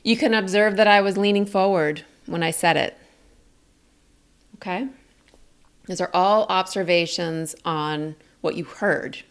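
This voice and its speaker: A woman teaching a communication lesson in a calm, clear, explaining way. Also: fairly low pitch. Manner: calm, explains slowly and clearly, demonstrates statements. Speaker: communication coach.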